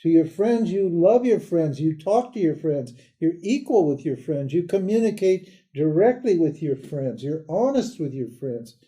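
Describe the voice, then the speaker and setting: An older man giving a live lecture on a spiritual text in a casual, animated way, laughing often and mimicking other people. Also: a little high, normal speed, hardly any pauses. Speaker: Vedanta teacher.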